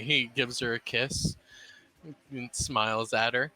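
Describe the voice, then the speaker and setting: A man narrating his character's actions in a tabletop role-play, in a halting way that stumbles over words. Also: mid-range voice, fairly even intonation, bright, forceful tone, poor audio. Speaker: player.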